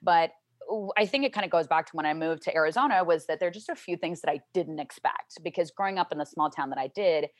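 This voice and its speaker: A talkative young woman from Louisiana tells her stories in a lowish voice. The sound is close and dry, with no room around it. She jumps into high, excited voices whenever she plays her family. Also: fast talker, dry recording. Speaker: guest. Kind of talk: casual interview chat.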